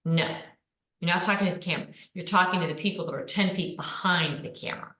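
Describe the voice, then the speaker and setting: Woman, presentation coach, energetic, emphatic, slightly low voice, roomy echo. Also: quick pace. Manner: energetic, emphatic, punches keywords. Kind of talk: online presenting lesson. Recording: echoey room.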